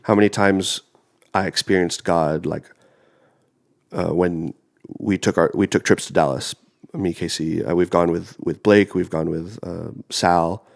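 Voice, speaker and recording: Congested young man with a gravelly low voice. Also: fairly even intonation, a little slow. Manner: rambling, filler-heavy. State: congested from a cold. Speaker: podcast co-host. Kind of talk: casual chat.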